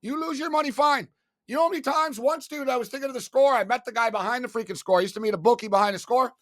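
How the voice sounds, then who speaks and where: A man guesting on an interview, telling stories in a casual, animated, profane way, swinging between loud and soft. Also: very high-pitched, fast talker, dry recording, clean studio sound. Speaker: guest, sports betting media host.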